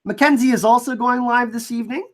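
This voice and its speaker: A man hosting a casual livestream, chatting with viewers and reading out their comments and shout-outs. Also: extremely high pitch, steady tone, fast talker. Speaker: livestream host. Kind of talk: casual live-stream chat.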